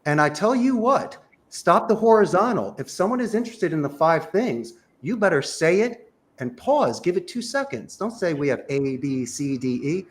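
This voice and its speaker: Brief: male sales coach, high and very lively pitch, punchy and emphatic delivery. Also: moderate pace. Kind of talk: energetic advice in a panel chat.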